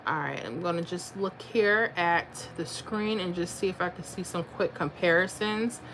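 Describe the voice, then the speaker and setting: A woman's voice: lowish voice, moderate pace, fairly bright tone, slight background noise. A woman hosting a casual livestream, reading out viewer comments and talking through number patterns aloud. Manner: chatty, reads viewer comments, thinks aloud over numbers. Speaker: lottery livestream host.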